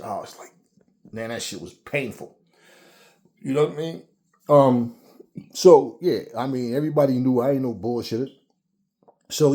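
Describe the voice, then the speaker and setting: Mellow-voiced man telling a rambling story. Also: medium pitch. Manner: profane, rambling, repeats words. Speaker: boxing channel host. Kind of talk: casual storytelling.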